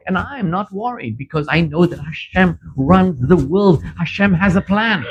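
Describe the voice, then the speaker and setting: A man's voice: moderate pace, hardly any pauses, husky. A middle-aged man from Zimbabwe, a rabbi giving a sermon and telling stories, his voice climbing sharply whenever he stresses a point. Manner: animated storyteller, pitch leaping up for emphasis. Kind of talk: sermon with storytelling. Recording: dull lo-fi recording.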